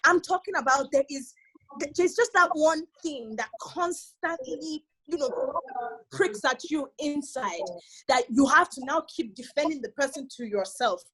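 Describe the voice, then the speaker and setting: A woman's voice: high voice, measured pace, a bit bright, poor audio. A woman with a Nigerian accent, a guest on a casual panel, talking earnestly and emphatically. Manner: earnest, emphatic, often asks "do you understand?".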